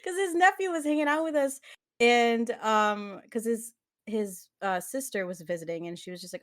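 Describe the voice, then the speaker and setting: A woman's voice: medium pitch, normal speed. A young woman co-hosting a podcast, telling a story in casual chat, laughing often and using many fillers. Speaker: podcast co-host.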